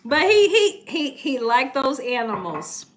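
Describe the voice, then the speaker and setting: A woman's voice: high voice, measured pace, a little hiss or hum. A woman hosting a live cooking stream from home, chatting casually and telling stories with frequent laughter. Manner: animated, laughs often while telling stories. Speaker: cooking channel host.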